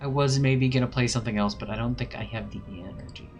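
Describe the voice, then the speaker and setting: A man's voice: mid-range voice, steady tone, fast. A man streaming a video game live, chatting casually and playfully, humming little filler sounds while he decides what to do. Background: faint background music.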